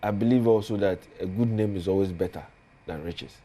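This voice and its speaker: A man's voice: low-pitched, brisk, warm tone, breathy edge. A man with a Ghanaian accent, a politician guest on a studio talk show, speaking earnestly and building emphasis as he lists points.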